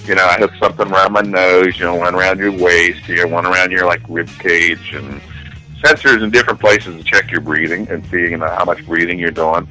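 A man's voice: low voice, steady tone, fairly quick, sharp tone, soft background music, poor audio. A man co-hosting a talk show, laid-back and slangy, calling everyone "man" and "dude". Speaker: co-host. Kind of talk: casual crude banter.

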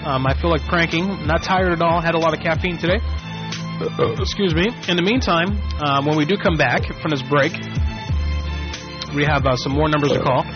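A man's voice: on the high side, fairly quick. A man hosting a radio show, talking loosely and casually between segments. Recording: muffled lo-fi radio recording. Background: music.

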